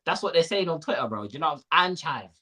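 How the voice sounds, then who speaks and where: A man's voice: on the high side, big pitch swings, fast talker, sharp tone. A young man, ranting animatedly in casual football chat on a panel show.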